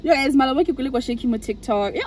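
A woman's voice: sits high, fast talker, a little mellow, slight background noise. Chatty young woman vlogging. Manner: chatty, rambling, keeps saying "guys". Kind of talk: casual vlog chat.

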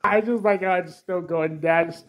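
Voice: mid-range voice, moderate pace, background noise, voice pushed down, lightly acted. A performer voicing a hyper, mischievous young boy who bursts into squealing outbursts. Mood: excited.

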